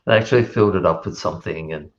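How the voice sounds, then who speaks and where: A man's voice: low-pitched, rapid-fire. A man bantering bluntly and jokingly on a casual watch live stream, over dull stream audio. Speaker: watch show co-host.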